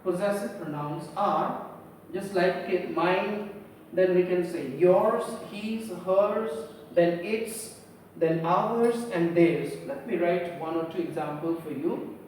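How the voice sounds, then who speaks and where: A woman's voice: lowish voice, takes it slowly, darkish tone. A woman teacher gives a grammar lesson to a class. She keeps saying "okay", asks questions and answers them herself. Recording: very echoey room, distant mic, faint hum.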